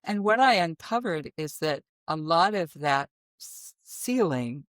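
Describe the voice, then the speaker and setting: A woman from the American Midwest with a naturally deep voice, an interview guest telling her story expressively and animatedly. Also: unhurried, no room sound, studio quality. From middle of the United States. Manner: expressive, animated storytelling with sudden vocal demonstrations. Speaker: guest, voice teacher. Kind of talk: conversational interview.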